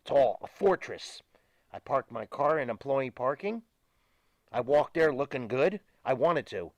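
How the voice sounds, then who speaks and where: Animated, ranting older man. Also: mid-range voice, unhurried, no echo. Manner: emphatic, profane, ranting. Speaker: guest, retired pro wrestler. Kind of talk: animated studio interview. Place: studio.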